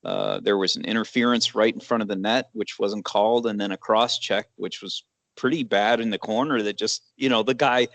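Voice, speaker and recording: A man co-hosting a casual sports chat, talking in a measured, hesitant way with many fillers. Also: on the low side, steady tone, fairly bright tone, no room sound. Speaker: sports podcast co-host.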